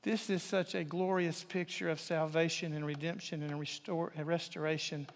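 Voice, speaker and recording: A man with a high voice delivers a sermon from the pulpit, swinging between ringing declarations and near-whispers. His voice carries a long, lingering reverb off the walls of a large church sanctuary. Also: flat delivery, normal speed, slight background noise. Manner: dramatic swings from loud to whispered. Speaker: pastor.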